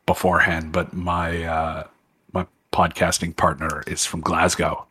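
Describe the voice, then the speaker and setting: An American man hosting a podcast from a remote call, with a bright, forceful tone and a lowish voice. He chats casually, tripping over his restarts and laughing easily. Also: flat delivery, husky. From United States. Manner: stumbling restarts, quick laughter. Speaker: podcast host. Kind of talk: casual chat. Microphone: remote call mic.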